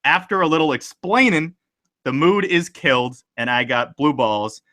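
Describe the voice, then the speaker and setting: A man's voice: on the high side, expressive, normal speed, sharp tone. A man hosting a podcast, chatting casually and loosely with many fillers as he reads listener stories. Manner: loose and rambling, many fillers, laughs easily. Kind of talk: casual chat.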